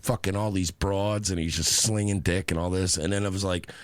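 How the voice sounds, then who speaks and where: A man's voice: low-pitched, fairly quick, clean tone, no echo. A man co-hosting a podcast, telling stories in profane, casual political banter. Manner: animated storytelling, profane. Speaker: podcast co-host.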